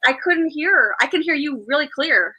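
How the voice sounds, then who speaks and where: A woman from the Midwest hosting a video call, gushing and excited about her guests. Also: high-pitched, moderate pace, dull audio. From Chicago, Midwest. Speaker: host. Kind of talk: casual chat on a video call.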